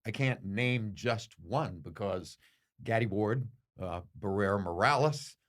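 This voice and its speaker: An older man, a boxing commentator, answering interview questions with slow, reflective storytelling and emphatic pauses. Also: on the low side, lively intonation, a bit bright.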